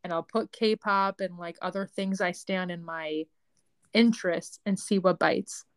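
A woman's voice: fairly low pitch, measured pace. A woman, co-hosting a podcast in casual chat and acting out the voices in her stories. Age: 20s. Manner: animated storytelling, acts out quoted voices. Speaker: podcast co-host.

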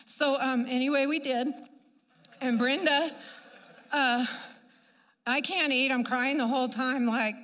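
A woman with a high voice tells a church testimony with animated storytelling, slipping into the voices of the people she quotes. Her voice rings out with a long reverb, as if in a big hall. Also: unhurried, pauses often. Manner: animated, acts out quoted voices, laughs at herself. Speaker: church speaker giving a testimony.

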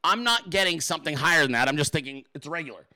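Male host, high lively voice, bright, profane storytelling, dry sound. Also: quick pace, no room sound, poor audio. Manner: animated, crude, keeps asking "okay?". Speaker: podcast host.

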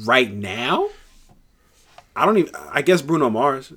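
A man co-hosting a podcast in casual chat, talking quickly and defensively with stammering restarts. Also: mid-range voice, big pitch swings, sharp tone, slightly rough. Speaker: podcast co-host.

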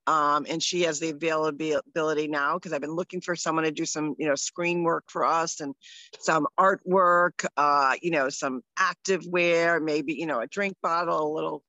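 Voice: mid-range voice, steady tone, moderate pace, bright, forceful tone, no echo, poor audio. A podcast co-host chatting casually, rambling with lots of fillers. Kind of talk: casual chat.

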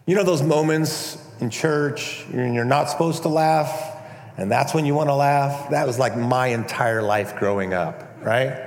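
A man preaching a conversational, animated sermon as a pastor, now and then acting out prayers in a mock-pompous voice. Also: medium pitch, measured pace. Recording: echoey hall, long reverb.

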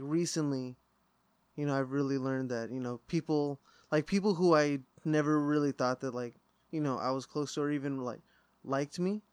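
A man's voice: fairly high pitch, clean tone, dry recording. A young man in casual podcast chat, speaking openly and reflectively. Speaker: podcast host.

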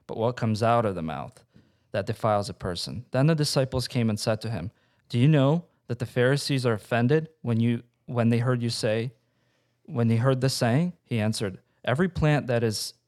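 A man on a casual podcast reading a scripture passage aloud in a plain, steady way, with small slips. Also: mid-range voice.

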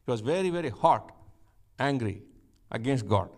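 A man's voice: medium pitch, expressive, normal speed, darkish tone. A man preaching a conversational sermon, asking rhetorical questions and chuckling now and then.

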